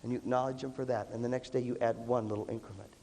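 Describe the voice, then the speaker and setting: A man giving a lively seminar talk to a live audience, telling stories and acting out the dialogue. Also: medium pitch, racing. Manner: animated storyteller who acts out dialogue. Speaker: leadership seminar speaker. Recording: long hall reverb.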